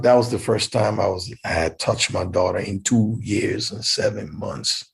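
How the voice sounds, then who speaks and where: A middle-aged man from Liberia, telling a personal story in an animated way as an interview guest. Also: lowish voice, moderate pace, vocal fry, hardly any pauses, breathy edge. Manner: animated storyteller who acts out quoted voices.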